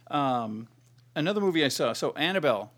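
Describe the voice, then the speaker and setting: A man's voice: fairly high pitch, lively intonation, brisk, fairly bright tone. Rambling, profane podcast guy. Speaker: podcast co-host. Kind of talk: casual movie review chat.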